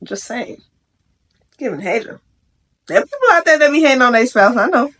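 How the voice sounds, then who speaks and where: A young woman with a slightly high voice talks straight to the camera as a vlogger. She is chatty and slangy, with frank opinions and quick asides. It sounds like a casual reaction video. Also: lively intonation, a bit bright. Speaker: vlogger reacting to a Reddit post. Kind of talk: casual commentary.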